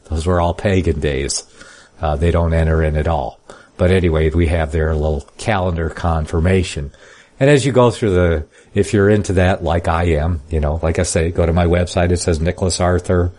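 Deep-voiced man teaching a Bible study. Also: steady tone, moderate pace, a little mellow. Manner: reads scripture in King James style then comments casually; plainspoken, folksy asides. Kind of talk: Bible study reading and commentary.

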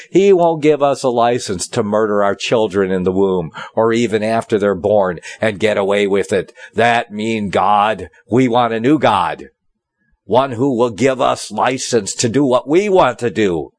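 A man with a fairly low voice delivers a sermon, stressing key words and pushing up in pitch when he drives a point home. His delivery is insistent and preacherly. The sound is dry, with no room echo. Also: moderate pace. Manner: emphatic, preachy, rising for stress.

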